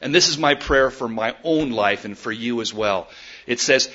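A man's voice: mid-range voice, moderate pace. A male pastor giving a sermon in a church, telling stories animatedly and acting out voices. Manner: animated storytelling, acts out quoted voices. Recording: muffled lo-fi sermon recording.

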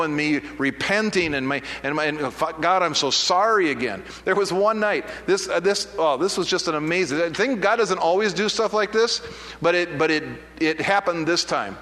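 A man's voice: a little high, fairly bright tone. A man preaching a sermon, telling a personal story in a conversational, self-deprecating way with frequent restarts. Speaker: pastor. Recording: preached in a hall with long reverb.

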